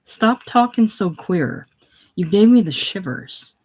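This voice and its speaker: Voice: mid-range voice, unhurried, close to an everyday voice. A reader doing an uneasy old scheming father. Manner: uneasy and pleading, then loudly angry. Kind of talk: casual play reading.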